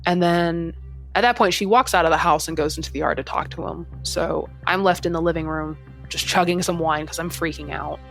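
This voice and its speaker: A woman, a friend of the storyteller, recalling events in a hushed, low-key way. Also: brisk, vocal fry, faint music behind. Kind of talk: quiet conversational recollection.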